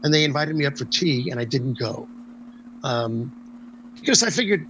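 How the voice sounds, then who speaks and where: A man's voice: mid-range voice, moderate pace, a little hiss or hum, poor audio. An older man, a guest in an interview, telling long anecdotes and acting out the voices in them. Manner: animated storyteller, acts out quoted dialogue. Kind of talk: storytelling anecdotes in a casual interview.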